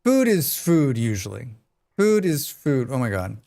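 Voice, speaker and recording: His voice is gravelly yet mellow, medium in pitch, with big swings in intonation and a measured pace. As he plays a game on a casual live stream, he chats and responds to viewer messages while sneezing over and over.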